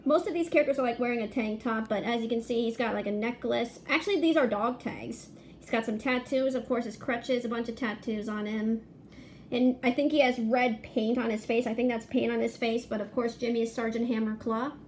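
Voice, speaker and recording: A woman narrating a casual video in a chatty, excited way as she walks through her fan drawings one detail at a time. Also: on the high side, a little fast, a little hiss or hum.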